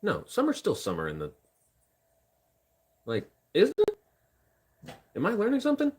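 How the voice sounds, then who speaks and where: A man's voice: high voice, wildly swooping pitch, moderate pace, darkish tone, slightly rough. A young man from Indiana chatting casually on a live stream, rambling and joking at himself while talking to chat and his dog. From Indiana, USA. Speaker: livestreamer.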